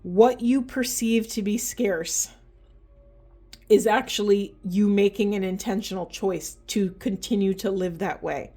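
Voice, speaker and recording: Woman, card reader, mellow and warm, earnest and impassioned delivery, addressing viewers directly. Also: mid-range voice, measured pace. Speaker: spiritual tarot reader. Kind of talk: oracle card reading to camera.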